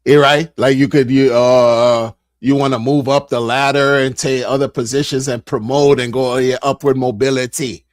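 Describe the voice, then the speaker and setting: A middle-aged man, a streamer, telling a casual story in an animated way, repeating phrases and acting out what people said. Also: medium pitch, normal speed, few pauses, no room sound, studio quality.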